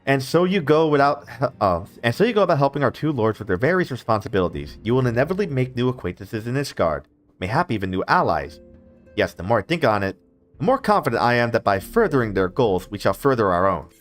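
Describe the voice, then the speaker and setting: A man voicing an earnest young male ally, reading game dialogue in formal, archaic, measured speech. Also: mid-range voice, big pitch swings, faint music behind, lightly acted.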